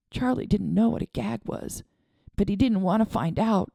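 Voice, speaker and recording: A woman narrating a novel as an audiobook, with an expressive, dramatic reading. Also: mid-range voice, moderate pace, creaky, dry recording, clean studio sound. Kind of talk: scripted narration.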